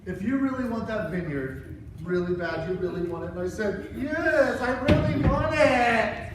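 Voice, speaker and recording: A man playing a whiny, childish grown king in an excitable first-person Bible story skit for children. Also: high voice, moderate pace. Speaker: children's church presenter. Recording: echoey hall, far from mic, noisy.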